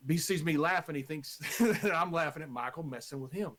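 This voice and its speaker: Animated man laughing through a story. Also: fairly high pitch, a little fast. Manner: animated, laughs often while telling a story. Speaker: former wrestling color commentator. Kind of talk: podcast storytelling.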